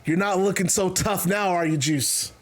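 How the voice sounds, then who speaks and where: A man's voice: sits high, normal speed. A man playing a smug, taunting wrestler. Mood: mocking. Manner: taunting, mocking.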